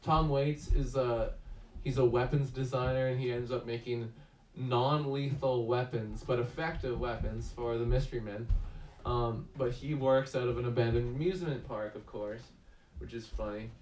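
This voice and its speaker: A man with a medium-pitched, slightly mellow voice hosts a casual movie review chat at a normal speed with fairly even intonation, rambling through many fillers and restarts. The room is echoey, the mic distant, and there's slight background noise.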